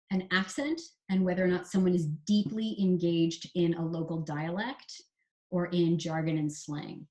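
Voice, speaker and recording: A Canadian woman who writes screenplays, chatting through writing advice in a relaxed interview and spelling out examples. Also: fairly low pitch. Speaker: screenwriter guest. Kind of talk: casual explanatory interview talk.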